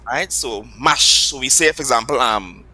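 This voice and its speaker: A man's voice: mid-range voice, moderate pace, pushed and bright, breathy edge, poor audio. A man with a Trinidadian accent, a Patois teacher, patiently explaining the language with examples in an interview.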